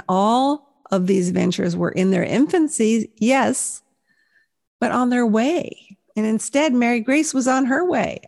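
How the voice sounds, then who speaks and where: Gravelly woman in her sixties telling her story. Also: mid-range voice, darkish tone. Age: 60s. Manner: earnest, reflective storytelling. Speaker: speaker sharing her faith story. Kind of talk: personal testimony talk.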